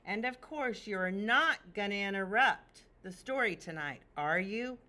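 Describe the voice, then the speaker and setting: Woman doing a patient, gentle papa chicken. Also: medium pitch. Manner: calm, patient, measured. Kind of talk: picture book read-aloud.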